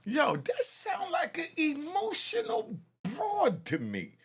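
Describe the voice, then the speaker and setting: A man's voice: extremely high pitch, huge pitch swings, slow, noisy background. A man hosting a commentary channel, mocking courtroom footage in slangy, scornful street talk. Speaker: host reacting to courtroom footage.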